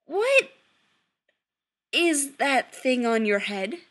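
A woman voicing a flustered, exasperated young man who gets shrill and impatient. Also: sing-song, a little slow, bright, forceful tone, heavily acted.

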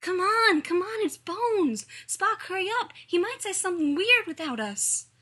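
A woman voicing an eager, impatient little boy who talks loudly and excitedly. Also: on the high side, normal speed, husky. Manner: loud and excited.

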